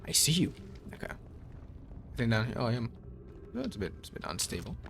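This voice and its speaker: A young man playing a game blind, thinking aloud and reading its lore text in a measured voice. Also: medium pitch, wildly swooping pitch, creaky, noisy background. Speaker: let's play streamer.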